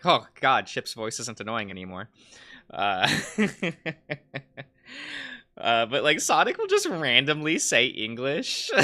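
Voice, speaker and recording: A man's voice: mid-range voice, bright, forceful tone. A male streamer chatting casually while drawing on a livestream, rambling, laughing often, trailing off and humming to himself.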